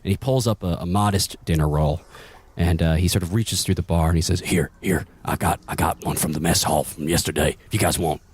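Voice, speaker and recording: A man's voice: deep voice, fairly even intonation, a little fast, darkish tone, husky, no room sound, pitched below the performer's own voice. A man voicing a burly older prisoner who talks in a friendly, folksy way. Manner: folksy, conspiratorial.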